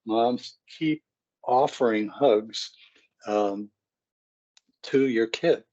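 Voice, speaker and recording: A man's voice: medium pitch, drawn-out words, mellow, highs cut off. A middle-aged man, a psychologist, giving a conversational parenting seminar and acting out family scenes.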